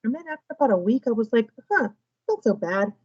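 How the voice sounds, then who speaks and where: A woman with a fairly high voice reads a children's novel aloud to her class. She reads with lively expression and gives each character's dialogue some life. The recording sounds a little muffled. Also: quick pace, husky. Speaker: teacher reading aloud.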